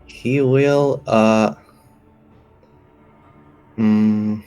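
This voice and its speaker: Give me a hesitant man player with a low flat voice, speaking slowly. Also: clean tone, faint music behind. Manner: hesitant, unsure, laughs nervously. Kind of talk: casual tabletop game play.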